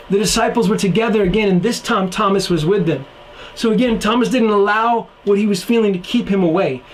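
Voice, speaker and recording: A man's voice: sits high, slight background noise, low-quality recording. A young man preaching an online youth sermon in an earnest, casual way, using slang and acting out the characters in the story. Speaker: youth pastor.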